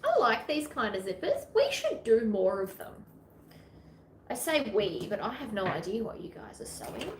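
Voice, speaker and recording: Australian woman, sewing vlogger, higher voice, chatty and self-mocking, echoey room. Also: huge pitch swings, normal speed. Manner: chatty, self-deprecating, rambling asides. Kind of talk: casual sewing tutorial chat. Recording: echoey room with faint ambient noise.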